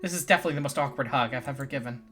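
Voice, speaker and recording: Casual let's-play host with a bright voice and wry asides; faint music underneath. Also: male voice, mid-range voice, rapid-fire. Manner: casual and wry, laughing at the story. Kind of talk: let's play commentary, reading game text aloud.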